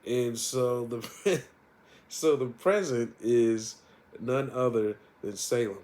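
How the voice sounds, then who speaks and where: A man's voice: medium pitch, slow pace, a little mellow. A man casually retelling a comic story in a rambling way, with lots of fillers and laughs. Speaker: comic reviewer.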